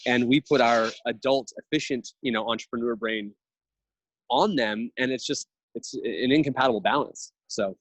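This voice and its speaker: A man's voice: mid-range voice, moderate pace, a little hiss or hum, poor audio. A man in his thirties, a podcast guest, talking earnestly and reflectively in long thoughtful runs. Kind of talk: casual conversational interview.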